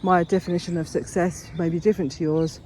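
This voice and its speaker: A woman's voice: on the low side, fairly even intonation, quick pace, darkish tone, a little hiss or hum. A woman talking earnestly and encouragingly in a casual walk-and-talk vlog outdoors, rambling a little as she goes. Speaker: vlogger. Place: outdoors on a walk along a path.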